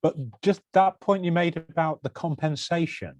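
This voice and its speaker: A man's voice: fairly high pitch, darkish tone, dry recording. A man with a Yorkshire accent in a study group, chatting casually and reading a passage aloud. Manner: casual, halting, laughs easily.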